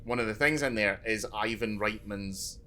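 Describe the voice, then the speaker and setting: Male podcast co-host, low pitch, tense bright tone, eager and full of restarts. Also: moderate pace, slight background noise. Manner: enthusiastic, stammering restarts. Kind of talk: casual chat.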